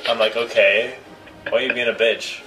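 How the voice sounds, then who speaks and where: Young man, casual chat, animated storytelling, cursing, mid-pitched voice, faint music behind. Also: normal speed, rough recording. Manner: animated storytelling, swears freely, acts out voices.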